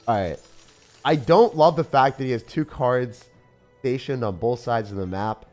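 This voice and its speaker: A man streaming a mobile strategy game live, commentating his matches in an excitable, chatty way and talking to his viewers. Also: mid-range voice, moderate pace. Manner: animated, excitable, talks to chat. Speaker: gaming streamer. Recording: faint music behind.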